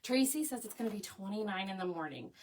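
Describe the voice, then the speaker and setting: A woman's voice: medium pitch, lively intonation, quick pace, a little mellow. A middle-aged woman, hosting a crafting live stream in a chatty, easy-laughing way and greeting viewers. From Oklahoma. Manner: chatty, reads viewer comments aloud, laughs easily. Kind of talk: casual live-stream chat. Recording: voice a bit far from the mic.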